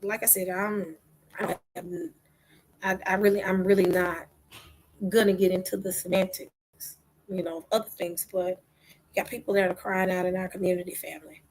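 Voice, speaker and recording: A woman giving impassioned religious commentary, asking rhetorical questions and dropping into whispers between loud outbursts. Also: fairly low pitch, little pitch movement, normal speed, poor audio. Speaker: online talk host.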